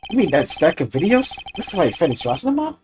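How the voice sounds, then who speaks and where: A woman's voice: on the low side, very animated, fast, background noise, pitched above the performer's own voice. A woman voicing an earnest young male defense lawyer in her own plain voice. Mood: puzzled.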